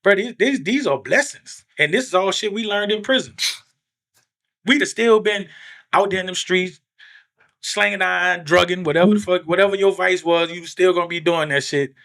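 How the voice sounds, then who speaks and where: A man's voice: high voice, normal speed, gravelly, a bit bright. A man talking bluntly in casual chat, slangy and affirming toward the people he is talking with.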